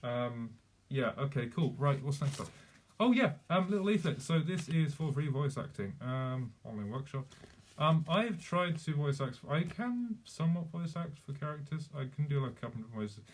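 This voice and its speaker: A man's voice: fairly high pitch, expressive, moderate pace. A young man chatting casually on a live stream, rambling with many fillers and restarts.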